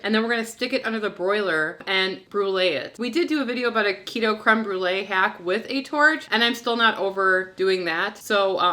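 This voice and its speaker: A woman's voice: mid-range voice, pushed and bright. A young woman co-hosting a cooking vlog from a home basement, walking through a recipe with self-deprecating jokes. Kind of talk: casual cooking demonstration. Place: home basement before a green sheet.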